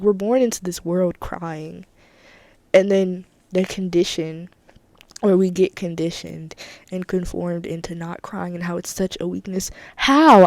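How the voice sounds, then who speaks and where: Woman podcast host, gravelly, dry close sound, candid, emphatic, casual solo talk. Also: fairly low pitch, dark tone, no room sound. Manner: candid, emphatic, repeats herself.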